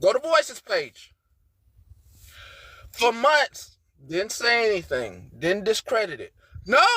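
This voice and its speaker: A woman hosting a livestream in a furious, profane rant. Her pitch leaps from low mutters up to sharp, shouted peaks. Her voice is bright and edgy, and she takes her time between the blows. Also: sing-song, slow pace, long pauses, slightly rough, no echo. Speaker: livestream host.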